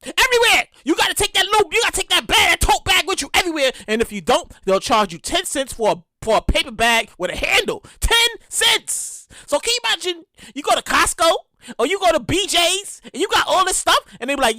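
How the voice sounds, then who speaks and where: A young woman hosting a casual solo podcast, loud and animated, swearing freely and acting out the people she talks about. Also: extremely high pitch, a little fast, no echo. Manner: animated, loud, swearing, acts out customers and cashiers. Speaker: podcast host.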